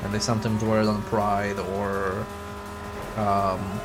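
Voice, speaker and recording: Chatty low-voiced male streamer, loud game music. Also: flat delivery, slow pace. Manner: chatty, swears freely, acts out voices in retelling. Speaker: gaming streamer. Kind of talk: casual chat while playing. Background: loud game music and car sounds.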